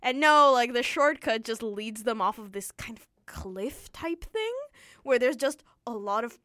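A young woman chatting on a radio show, animated and laughing, acting out voices as she retells a story. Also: fairly high pitch, a little slow, dry recording, clean studio sound. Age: young adult. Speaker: co-host. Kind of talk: casual chat.

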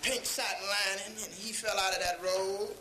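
A man with a notably high voice spins long comic yarns at a live show. He stretches his lines slowly and leans into pauses before each punchline. The echoey room carries clear crowd noise underneath. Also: steady tone. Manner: slow, drawn-out delivery with pauses before punchlines. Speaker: stand-up comedian. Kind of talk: stand-up storytelling. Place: live club stage before an audience.

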